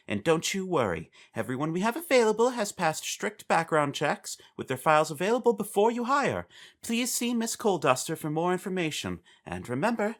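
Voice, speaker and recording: Woman announcer, bright tone, lively pitch, formal notices. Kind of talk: reading in-game announcements.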